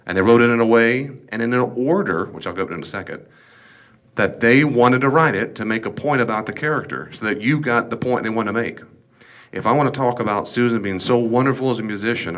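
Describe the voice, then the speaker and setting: A man's voice: lowish voice, fairly bright tone. A man teaching a Bible study as pastor, talking emphatically and casually, full of rhetorical questions.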